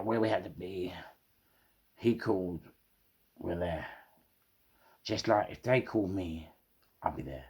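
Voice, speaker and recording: A middle-aged man with a London accent telling rough stories casually, swearing heavily and repeating words for emphasis. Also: deep voice, a little mellow. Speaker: storyteller. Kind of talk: casual storytelling.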